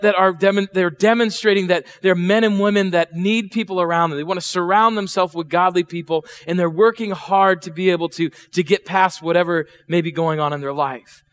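A middle-aged pastor delivers a sermon in church with a high, clean-sounding voice. He keeps it chatty and conversational, asking the congregation lots of questions and acting out voices.

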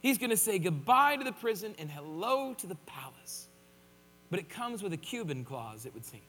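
A man's voice: sits high, big pitch swings, normal speed, fairly bright tone, in a large hall, a little hiss or hum. A man preaching a sermon in a conversational way, with joking asides. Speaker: pastor.

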